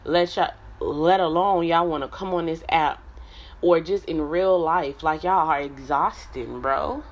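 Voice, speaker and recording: Blunt low-voiced woman ranting. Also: measured pace, highs cut off. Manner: blunt, profane, confrontational. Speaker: app streamer. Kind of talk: ranting monologue to viewers.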